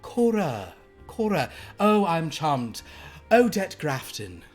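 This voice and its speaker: A woman's voice: low voice, very animated, slow, darkish tone, faint music behind, pitched above the performer's own voice, full character voice. A man voicing a fussy, wealthy woman, breathless and fluttery, stammering and gushing endearments.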